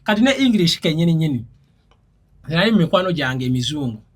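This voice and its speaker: Husky fast-talking man. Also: on the high side. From Uganda. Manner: animated storyteller, laughs while explaining; teacherly, explains words step by step. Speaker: interview guest. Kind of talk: casual interview chat.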